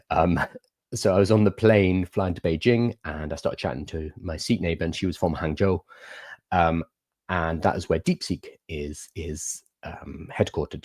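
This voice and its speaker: A man's voice: sits low, a little mellow, no echo, studio quality. A young man hosting a livestream, chatting casually and answering viewer questions in an explanatory way. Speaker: livestream host.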